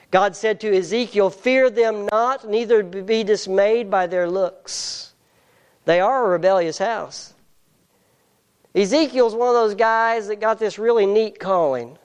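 A preacher giving an earnest, emphatic sermon, reading scripture slowly and deliberately. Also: mid-range voice, smooth.

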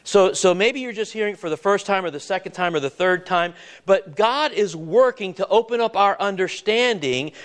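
High-voiced guy preaching a sermon, earnest, keeps restarting and asking the church stuff. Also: normal speed, a bit bright. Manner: earnest, repeats words and restarts, asks the congregation questions.

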